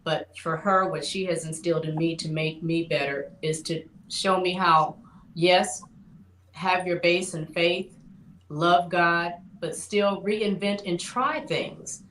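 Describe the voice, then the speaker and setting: Lower-voiced earnest mother in a roomy space. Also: steady tone, slow pace, fairly bright tone, a little hiss or hum. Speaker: guest mother. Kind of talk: casual panel chat.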